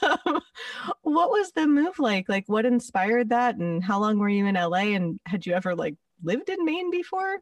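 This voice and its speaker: A woman's voice: mid-range voice, very animated, moderate pace, no room sound, distant mic. A woman from Los Angeles with a Valley Girl accent, hosting a casual interview podcast in a giggly, playful, self-mocking way. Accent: Southern California Valley Girl. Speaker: podcast host.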